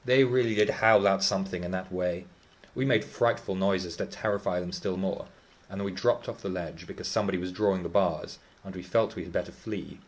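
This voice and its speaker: A man voicing Heathcliff, a scornful, deep-toned boy. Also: steady tone, brisk, natural voice. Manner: scornful, vehement storytelling. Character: brooding defiant teenage boy Heathcliff.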